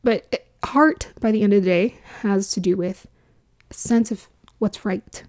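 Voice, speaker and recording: A woman's voice: mid-range voice, measured pace, a little mellow. A woman giving a casual spiritual astrology talk, musing aloud, laughing often and dropping into whispers for emphasis.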